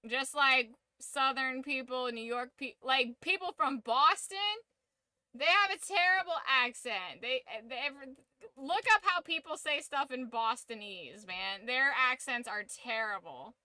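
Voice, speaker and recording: A woman chats casually on a game stream, rambling through jokes and strong opinions. Her voice is very bright and crisp, a touch higher than most. The sound is dry and close, with almost no room echo. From United States. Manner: rambling, joking and opinionated, quick asides. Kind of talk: casual chat while gaming on stream.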